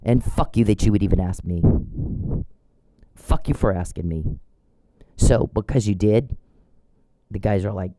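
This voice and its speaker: A man with a low, mellow voice scolds an absent person in a long, profane rant. He is confrontational and repeats his demands again and again. The sound is dry and close. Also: unhurried, pauses often, dry recording, poor audio. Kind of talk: angry monologue addressed to an absent person.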